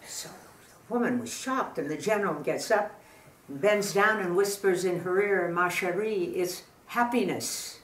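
An older woman telling jokes in a chatty, halting way, laughing at her own punchlines. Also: fairly low pitch. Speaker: guest storyteller. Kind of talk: telling jokes in casual chat. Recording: roomy sound from a distant mic.

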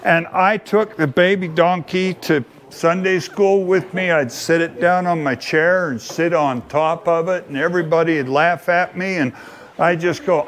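A man telling a homespun childhood story at an open mic, in an unhurried, playfully earnest folksy manner. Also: on the high side, steady tone, fairly bright tone, slight background noise. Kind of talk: folksy spoken storytelling to an audience.

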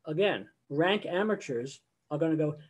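A man's voice: fairly high pitch, expressive, moderate pace, slightly rough, lo-fi sound. Older man conducting a casual video-call lecture. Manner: conversational, sings example phrases mid-explanation. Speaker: choral conductor giving a lecture.

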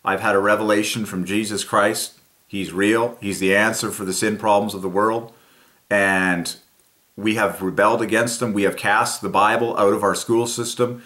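A man voicing an imagined male politician who makes a solemn, humbled public confession, in a slightly lower and quieter voice. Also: fairly even intonation, moderate pace, lightly acted. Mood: confessing.

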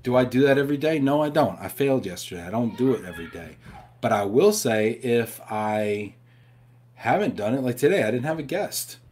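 A man's voice: medium pitch, lively intonation, fairly quick, a little mellow, a little hiss or hum. Chatty upbeat man hosting a live stream. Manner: chatty, upbeat, talks straight to viewers. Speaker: host of a live show. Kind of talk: casual live-stream chat, reading viewer questions. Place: at home.

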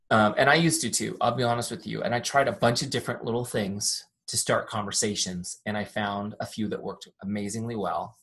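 Young male trainer, husky tone, upbeat, chatty, jokey, demoing software from a home-office mic. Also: lowish voice. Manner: upbeat, chatty, self-deprecating jokes. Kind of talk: live online training with screen demo. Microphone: desk microphone.

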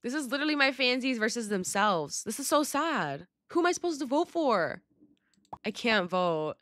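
A young woman who makes gaming videos on YouTube chats casually as she plays, bubbly, dramatic and full of slang, breaking into sudden squeals. Her voice sits on the high side with big swings in pitch and a moderate pace. The tone is a bit bright, and the recording is clean studio sound with no room echo.

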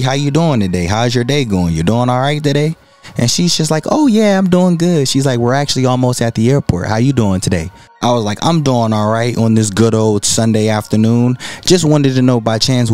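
A young man telling a storytime vlog, swearing and jumping up high in pitch when outraged. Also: a little mellow. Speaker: travel vlogger. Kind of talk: storytime narration.

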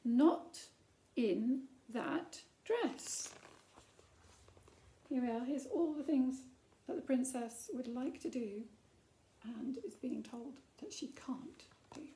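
A woman's voice: high voice, measured pace, mellow. A woman reading a picture book aloud to children, adding chatty asides and playful whispered remarks. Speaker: storytime reader.

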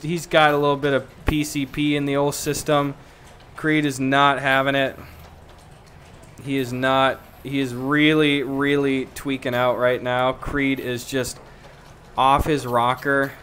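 Goofy high-voiced male streamer. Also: a bit bright, slight background noise. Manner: goofy, joking, laughing often. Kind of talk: casual chat while playing a VR game.

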